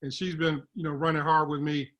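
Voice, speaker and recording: A man's voice: a little high, level tone, brisk, fairly bright tone. A man speaking briefly and gratefully on a video call. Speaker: team leader on the call.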